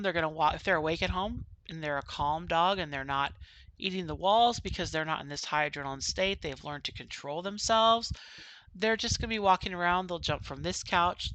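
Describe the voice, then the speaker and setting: A woman's voice: fairly low pitch, sharp tone, no echo, rough recording. A woman dog trainer giving casual advice to dog owners, talking emphatically and asking rhetorical questions.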